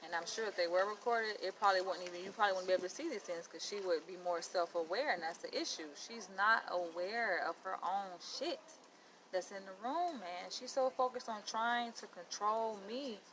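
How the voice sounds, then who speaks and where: Blunt, animated woman vlogging. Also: medium pitch, fairly quick, slight background noise, rough recording. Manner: blunt, animated, quotes people in dialogue. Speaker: psychologist in training. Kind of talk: casual vlog rant.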